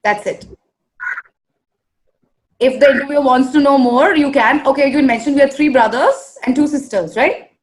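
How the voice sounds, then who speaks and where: Woman, trainer, high voice, brisk corrections, repeats model lines. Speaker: spoken English trainer. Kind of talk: one-on-one English coaching.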